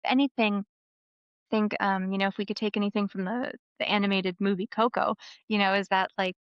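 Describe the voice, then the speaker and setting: A woman in her thirties, a memoir author and podcast guest, telling stories in an animated casual way full of "like" fillers. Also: medium pitch, fairly quick, smooth, no room sound, muffled recording. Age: 30s. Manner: animated storyteller, lots of "like" fillers.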